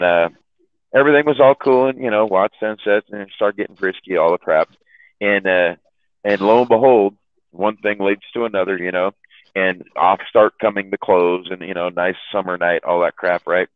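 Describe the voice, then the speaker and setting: Man, deep voice, loose profane yarn-spinner on a call; phone-thin audio. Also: moderate pace, dry recording. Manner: rambling, profane, repeats words, laughs at own stories. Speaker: chat room host telling stories. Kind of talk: casual storytelling on a call. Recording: tinny phone-line sound.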